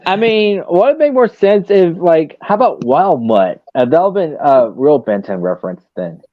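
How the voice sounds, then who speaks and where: A man hosting a casual online fan discussion, relaxed and hesitant, with many fillers. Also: fairly high pitch, normal speed, no echo, lo-fi sound. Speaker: stream host.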